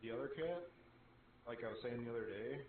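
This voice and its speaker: A man's voice: medium pitch, fairly quick. A man chatting casually on a stream, dropping dry jokes. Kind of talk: casual chat. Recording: echoey tinny voice-chat line with faint noise.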